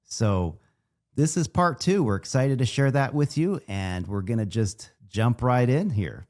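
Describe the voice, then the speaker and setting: A man hosting an interview, opening with eager remarks and putting short questions to his guest. His voice sits at an ordinary middle pitch for a man. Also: expressive, a little slow, a little mellow, dry recording, studio quality. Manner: brief enthusiastic interjections and questions. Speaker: host. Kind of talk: interview host.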